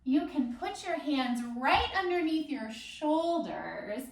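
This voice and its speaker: Speaking slowly with vocal fry, a woman whose voice sits high and is very animated leads a children's yoga class in a library room. She tells a story in a playful sing-song, adding animal sounds. The audio is echoey, with her voice coming from far off.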